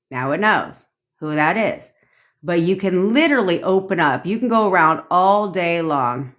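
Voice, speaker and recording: A woman's voice: medium pitch, expressive, normal speed, fairly bright tone. A young adult woman coaching viewers in a casual livestream rant, blunt and profane, acting out the thoughts she quotes. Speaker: manifestation coach.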